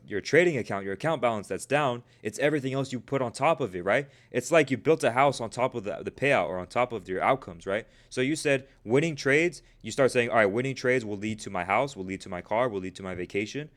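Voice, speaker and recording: A man coaching traders on a live stream, talking casually and emphatically to his viewers, often calling them "bro" and asking "right?". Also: medium pitch. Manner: addresses viewers as "you guys" and "bro", repeats "right?"; emphatic, preachy motivational delivery. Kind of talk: live-stream talk answering chat.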